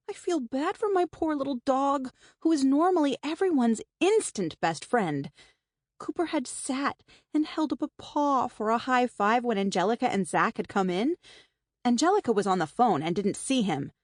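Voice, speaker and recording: A woman's voice: sits high, animated, moderate pace, dry recording, clean studio sound. Wry woman narrating an audiobook. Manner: wry, conversational. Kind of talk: first-person scripted narration. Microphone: close studio mic.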